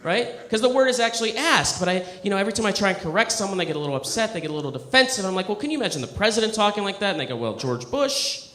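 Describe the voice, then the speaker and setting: A man doing a stand-up comedy set on a club stage, with a conversational, self-deprecating delivery and deadpan asides. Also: high-pitched, rapid-fire, hardly any pauses. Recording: echoey club room.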